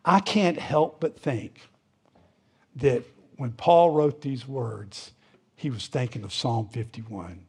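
A man's voice: medium pitch, slow, warm tone, slightly rough. A man preaching a sermon in a conversational way, with fillers, rising to fervent emphasis at times.

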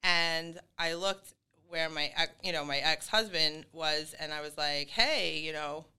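A woman's voice: deep voice, a little slow, bright, forceful tone, clear, resonant tone. A middle-aged woman telling her story as a podcast guest, talking casually with lots of fillers and laughs. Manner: chatty, full of fillers and laughs.

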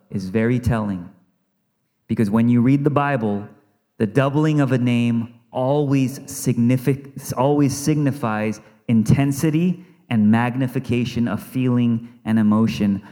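A man preaching a sermon as pastor in a church, earnest, repeating phrases for emphasis and dropping softly when he quotes. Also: mid-range voice. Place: church sanctuary. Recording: long reverb of a church hall.

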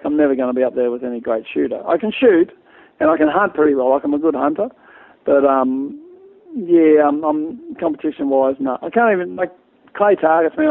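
Gravelly fast-talking Australian man. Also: on the high side. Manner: rambling, storytelling, many restarts. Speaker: guest. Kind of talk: casual interview chat. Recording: tinny phone-like line.

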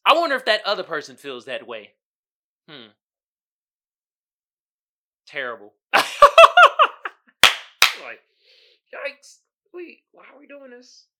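A man's voice: sits high, sharp tone. A man hosting a podcast in casual comedic chat, laid-back and slangy, laughing often and calling his listeners y'all. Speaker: podcast host.

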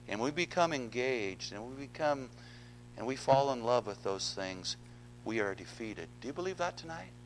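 A man's voice: mid-range voice, a bit bright, a little hiss or hum, low-quality recording. A man preaching a sermon, earnest, often repeating words and asking the congregation questions. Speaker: pastor.

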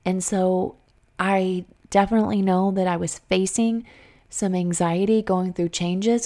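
A woman's voice: mid-range voice, a little mellow. Woman coach, 30s, earnest and emphatic, faith-y motivational talk straight at the listener.

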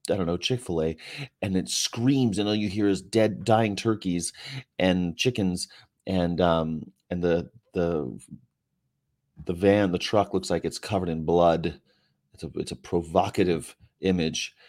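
A man's voice: deep voice, fairly even intonation, a little slow, darkish tone. A man hosting a casual livestream from a hotel room, reading viewer comments with a sarcastic, joking, rambling manner. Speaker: vegan activist livestream host.

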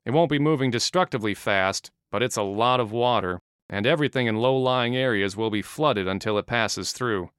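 A man voicing a calm, practical male agent who explains things in a measured way, in an audiobook. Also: mid-range voice, clear, resonant tone, no echo, clean studio sound, lightly acted.

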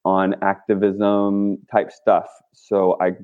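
Male guest, low-pitched, rambling and filler-heavy, heard through a thin phone-like line. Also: completely flat delivery, slow pace, clean tone. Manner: rambling, with many fillers and restarts. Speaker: guest, activist and clothing maker. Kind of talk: casual interview talk. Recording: tinny phone-line sound.

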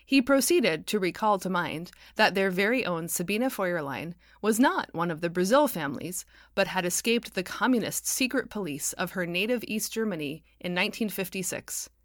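Female author narrator, audiobook, wry, expressive, dry recording. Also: mid-range voice, moderate pace, no echo. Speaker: author narrating her own novel.

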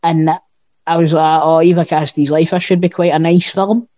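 A man's voice: a little high, level tone, moderate pace, dark tone, no echo. Scottish man, blunt banter, dull dry sound. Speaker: podcast co-host. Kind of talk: casual chat.

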